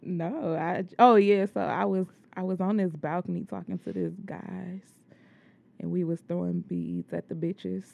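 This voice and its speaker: A woman's voice: on the low side, expressive, unhurried, creaky, a little mellow, dry recording. A woman co-hosting a podcast in casual chat, laid-back, giving brief answers and chuckling. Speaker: podcast co-host.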